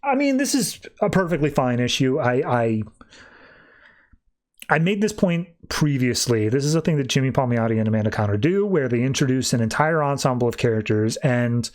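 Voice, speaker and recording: A man hosting a podcast, recapping a comic book in a casual, animated way and briefly voicing the characters as he goes. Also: mid-range voice. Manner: animated retelling with quick voiced asides. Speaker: podcast host.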